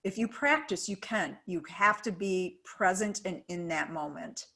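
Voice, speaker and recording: A woman's voice: on the low side, a little slow, creaky, sharp tone. A woman giving earnest, emphatic advice on public speaking during a video call webinar.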